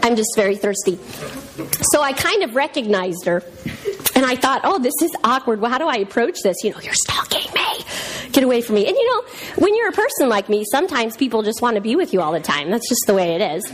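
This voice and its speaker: Slight background noise accompanies this woman's very animated, a little high voice as she talks fast. She's in her thirties or forties, telling a story in a church talk with a chatty, self-mocking tone and frequent laughter.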